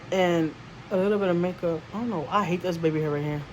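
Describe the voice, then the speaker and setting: A woman's voice: fairly low pitch, slight background noise, low-quality recording. A woman vlogger chatting casually to camera, rambling and emotional, with frequent restarts and repeated words. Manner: emotional storytelling.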